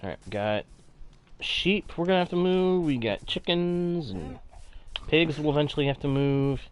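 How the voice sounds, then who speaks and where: A man giving casual, chatty commentary while playing a video game, talking to viewers in chat in a playful, animated way. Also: fairly high pitch, unhurried, smooth. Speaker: gaming channel host. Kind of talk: casual let's-play commentary.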